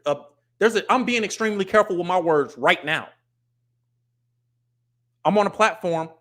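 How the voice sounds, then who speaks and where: A man's voice: a little high, a bit bright. Livestream host, married man, blunt commentary delivered emphatically and with repetition. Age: adult, married. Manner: blunt, emphatic, repeats his points.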